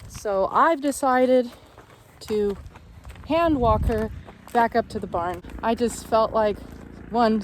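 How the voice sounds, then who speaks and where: A woman's voice: a little high, measured pace, a little hiss or hum. A woman horse trainer talking casually through her vlog outdoors on a country ranch, chatty and encouraging, thinking aloud as she goes.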